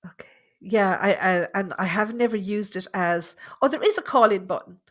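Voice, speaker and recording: A woman's voice: mid-range voice, moderate pace. A woman working as a medium, talking through a live reading with a caller in a chatty, reassuring way full of fillers. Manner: chatty, reassuring, thinks aloud with many fillers.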